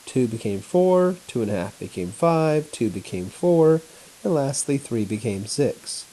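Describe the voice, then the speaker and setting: A male teacher walking through a chemistry lesson at home on his laptop, in a flat, announcer-like voice. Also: medium pitch, a little slow, low-quality recording. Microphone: laptop mic.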